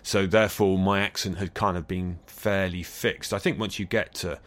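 Thoughtful Bristol-accented man, fairly low voice. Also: steady tone, moderate pace. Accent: Bristol English. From England. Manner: thoughtful, hesitant with many restarts. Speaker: acoustics scientist guest. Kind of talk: interview answers. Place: recording studio.

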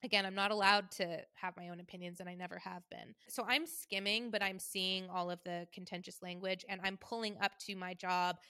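Thirties woman host, bright tone, wry and soft-spoken, dry studio sound. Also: mid-range voice, steady tone, fairly quick, few pauses, clear, resonant tone, no room sound. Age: 30s. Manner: wry, conversational, quiet and hurt. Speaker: podcast host. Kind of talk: personal storytelling monologue.

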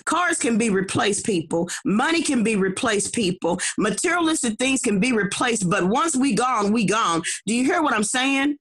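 A woman's voice: on the high side, lively intonation, moderate pace, hardly any pauses, fairly bright tone, slightly rough. Woman, middle-aged, evangelist, testimony storytelling, emphatic, repeats herself, asks listeners to follow along. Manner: emphatic, repeats and restarts words, checks in with listeners. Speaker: evangelist guest.

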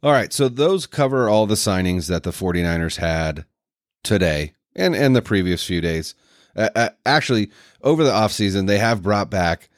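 A man co-hosting a sports podcast, breaking down signings in a rambling, energetic way. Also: lowish voice, moderate pace, no room sound, studio quality. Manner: energetic, rambling analysis with restarts. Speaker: podcast co-host. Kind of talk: casual sports talk.

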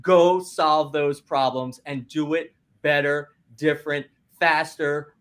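A man speaking as a business coach guest, giving an energetic motivational talk, emphatic and rallying, often cutting in with "listen" and "guess what.". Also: a little high.

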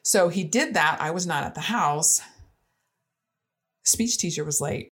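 Mom chatting about her kid, low voice, earnest, goes soft n whispery sometimes. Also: expressive, measured pace, breathy edge. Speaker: parent. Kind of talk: casual storytelling monologue.

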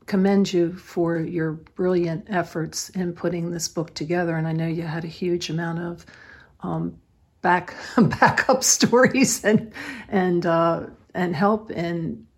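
A woman hosting a podcast interview, speaking slowly and offering praise, with fillers. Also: on the low side, husky. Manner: slow and warmly complimentary, with fillers. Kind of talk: conversational interview.

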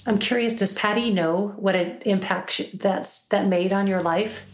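A woman's voice: medium pitch, moderate pace. A woman hosting an interview, asking curious, encouraging questions. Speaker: interview host. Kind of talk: conversational interview. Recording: echoey room.

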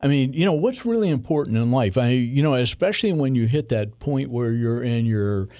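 Mellow rambling older man host. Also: mid-range voice, animated, fairly quick, no echo, clean studio sound. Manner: rambling, many fillers and restarts. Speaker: podcast host. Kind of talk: casual podcast chat.

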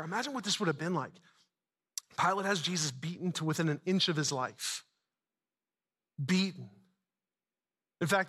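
A man's voice: a little high, pushed and bright, long reverb tail. A man preaching a sermon, retelling a story dramatically with casual asides. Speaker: pastor.

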